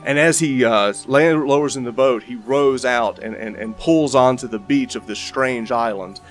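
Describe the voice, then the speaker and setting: A man's voice: mid-range voice, moderate pace, faint music behind. A man narrating as game master of a tabletop game, rambling with frequent restarts.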